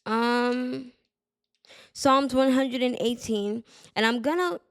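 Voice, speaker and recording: A woman's voice: on the high side, steady tone, takes it slowly, no room sound. A woman hosting a casual devotional podcast. She reads scripture aloud and repeats key phrases for emphasis, with plenty of fillers along the way. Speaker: podcast host.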